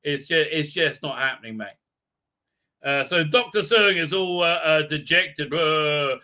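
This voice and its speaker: Bright-voiced man rambling through a recap. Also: fairly high pitch, a little slow. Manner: rambling, filler-heavy, irreverent. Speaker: show host. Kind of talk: live stream episode recap.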